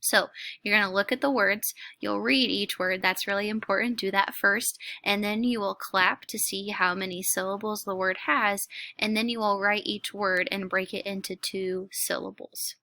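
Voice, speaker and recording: A woman teacher explaining a lesson to young children, slowly and clearly. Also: mid-range voice, steady tone, pushed and bright. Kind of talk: instructional video lesson.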